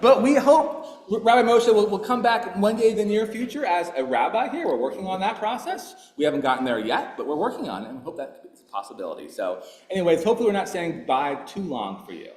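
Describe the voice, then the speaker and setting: A man leading a synagogue service, telling a folk tale playfully and laughing often, then making warm announcements. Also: high voice, sing-song, a little fast. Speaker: congregation leader. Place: synagogue hall. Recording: echoey hall with long reverb.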